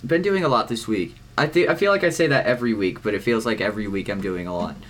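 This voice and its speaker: Rambling teenage guy, low voice. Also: fast talker, a bit bright. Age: teens. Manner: rambling, swears a lot, many fillers. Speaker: podcast co-host. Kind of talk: casual chat.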